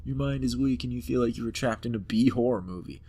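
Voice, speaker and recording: A man's voice: mid-range voice, quick pace, dark tone, breathy edge. A man playing a computer game, reading its text aloud and commenting on it in a playful, hammed-up way. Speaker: let's-play host.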